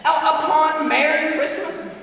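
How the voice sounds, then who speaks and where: A man's voice: very high voice, flat delivery, a little slow, a crowd in the background, voice pushed up. Man reciting a scornful old miser. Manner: gruff, scornful outbursts. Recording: echoey hall from far off.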